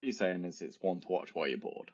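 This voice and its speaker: A man's voice: deep voice, fast talker, a little mellow. A young man co-hosting a casual podcast, chatty and rambling, often laughing. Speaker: podcast co-host. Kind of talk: casual chat. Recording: dull lo-fi home podcast recording.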